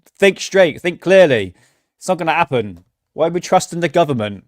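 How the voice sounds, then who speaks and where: A man's voice: on the high side, lively intonation, normal speed, no room sound, clean studio sound. A man hosting a casual livestream, talking bluntly and ranting, swearing freely. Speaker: livestream host.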